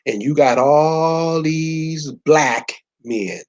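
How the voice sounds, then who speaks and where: A man's voice: a little high, very slow, darkish tone, dull audio. A man giving an informal lecture from a map, speaking in loose slangy speech and firing rhetorical questions straight at his listeners.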